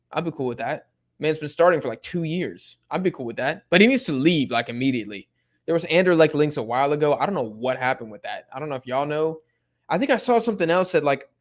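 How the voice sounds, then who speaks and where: Young man, live stream host, casual slang chatter, fillers, mid pitch. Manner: laid-back slang-heavy chatter, many fillers. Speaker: watch-along streamer. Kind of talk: casual live stream commentary reading chat.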